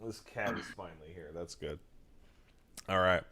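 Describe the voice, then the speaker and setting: A man's voice: low-pitched, normal speed, sharp tone. A young man hosting a casual podcast, tired and sleep-deprived, talking in a crude, joking, rambling way. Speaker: podcast host. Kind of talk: casual banter.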